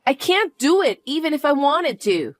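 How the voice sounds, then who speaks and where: A woman's voice: high voice, sing-song, normal speed, dry recording. A woman voicing a harsh young daughter-in-law, scornful and impatient, in a narrated family drama.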